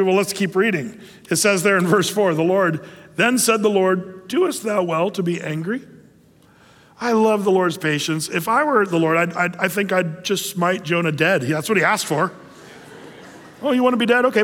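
Chatty high-voiced pastor in a reverberant hall. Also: male voice, a bit bright. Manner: conversational, playful asides, acts out quotes. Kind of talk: sermon.

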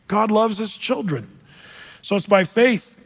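A man's voice: high voice, slow, creaky, in a large hall. A man preaching a sermon in a conversational way, with fillers and restarts, who reads scripture aloud. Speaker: pastor.

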